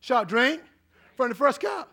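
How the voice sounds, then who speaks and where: A male pastor preaching a storytelling sermon, swinging between soft low asides and loud preaching, laughing often and checking on the congregation. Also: sing-song, moderate pace. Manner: laughs often, repeats phrases, asks the congregation if they are all right.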